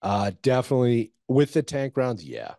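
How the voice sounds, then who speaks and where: A man's voice: medium pitch, sing-song, moderate pace, warm tone, dry recording, studio quality. A man, a former soldier, telling a war story casually in an interview, loose and profane with lots of fillers. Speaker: guest, former Army Ranger.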